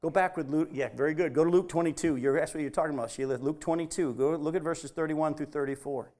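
A man's voice: a little high, fast talker, darkish tone. A man teaching a Bible study, emphatic, repeating his key points and putting questions to the group.

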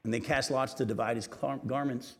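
A male pastor preaching in a mid-range voice. He reads scripture aloud, then comments on it, moving between loud emphasis and soft, hushed passages. The sound carries a long reverb, like a large church hall. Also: medium pitch, steady tone, a little fast. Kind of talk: sermon.

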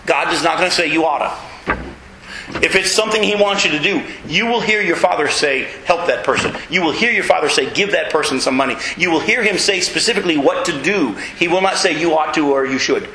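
A man preaching a sermon in a folksy, emphatic way, with self-mocking humor and sudden high leaps in pitch to stress his points. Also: fairly quick, reverberant, background noise. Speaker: pastor.

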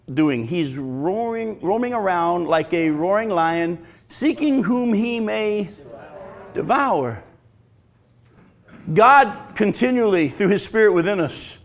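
A male pastor preaching a sermon, swinging from loud emphatic lines to hushed, slow, drawn-out phrases. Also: high voice.

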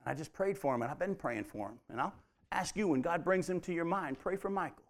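Fervent male preacher, loud then hushed. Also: fairly high pitch, animated, brisk. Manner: dynamic preaching, swinging from loud emphatic peaks to hushed near-whispers. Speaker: pastor. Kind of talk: sermon.

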